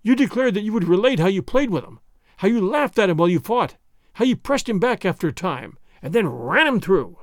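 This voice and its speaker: A man's voice: high-pitched, sing-song, brisk, dry recording, studio quality. A man doing a mild, needling young nobleman. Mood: needling, mock-innocent. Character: mild, teasing young nobleman, languid and polite.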